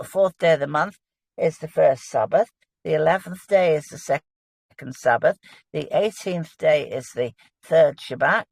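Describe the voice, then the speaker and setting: A woman's voice: deep voice, a little mellow, dry recording. A woman, a guest in a casual religious discussion, explaining with earnest enthusiasm.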